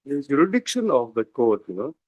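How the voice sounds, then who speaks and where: A man's voice: medium pitch, sing-song, brisk, darkish tone, no room sound, low-quality recording. A man arguing as a defence lawyer over a video call, deferential and hesitant, addressing the judge as "my lord" again and again. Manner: deferential, repeats "my lord" often, hesitant with fillers. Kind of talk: courtroom argument.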